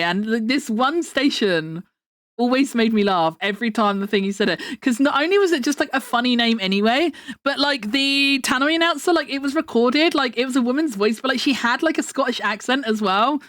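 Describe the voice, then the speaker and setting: A young woman streamer chats loosely to her audience, her voice sitting a little high. She rambles through her stories with plenty of fillers and quick laughs. The sound is close and dry, with no room around it. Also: animated, a bit bright, dry recording. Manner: rambling, filler-heavy storytelling with frequent laughs. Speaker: livestreamer. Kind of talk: casual stream chat.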